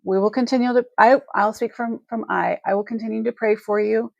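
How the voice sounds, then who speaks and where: A woman's voice: fairly high pitch, steady tone, fairly quick, vocal fry, darkish tone, dry recording, dull audio. A woman hosting a live selling stream, talking to her viewers in a heartfelt, rambling way with many restarts, emotional and close to tears.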